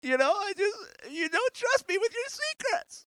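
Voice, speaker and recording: Man putting on a coy high-voiced Delilah. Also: very animated, normal speed, no room sound, heavily acted. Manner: high, soft, breezy and coy.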